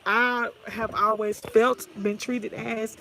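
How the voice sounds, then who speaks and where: A woman's voice: a little high, little pitch movement, slow, vocal fry, background noise. A woman ranting on her livestream, blunt, sassy and trash-talking. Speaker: vlogger. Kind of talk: profane ranting livestream talk.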